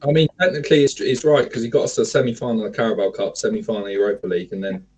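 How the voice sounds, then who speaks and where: Man co-host, husky mid voice, blunt and gloomy, repeats for emphasis. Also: on the low side, fairly even intonation, racing, a little mellow, low-quality recording. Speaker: livestream co-host. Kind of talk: casual chat.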